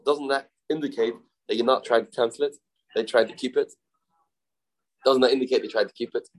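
A man's voice: mid-range voice, fairly even intonation, poor audio. A man teaching a Talmud study class, explaining in English with Hebrew and Aramaic terms and acting out the speakers he quotes. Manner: halting, self-correcting delivery.

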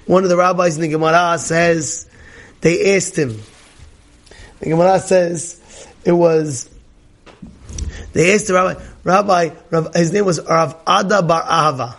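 A male rabbi giving a Torah class, telling animated stories, often laughing and repeating himself. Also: fairly high pitch, measured pace, long pauses. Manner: animated storytelling, many repetitions; laughs often while talking.

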